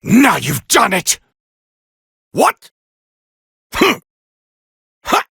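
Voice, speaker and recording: An actor playing an arrogant, proud alien warrior prince, barking boastful taunts and battle cries in gravelly video game voice clips. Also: male voice, high-pitched, wildly swooping pitch, drawn-out words, sharp tone, dry recording, clean studio sound, exaggerated voice. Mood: arrogant, furious. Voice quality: gravelly, raspy. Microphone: close studio mic, dry.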